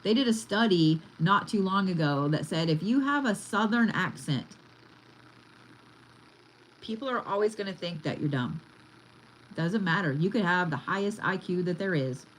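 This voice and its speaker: A woman's voice: lowish voice, a little hiss or hum, rough recording. A woman giving a casual card reading, chatty and blunt, swearing freely as she talks. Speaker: tarot reader.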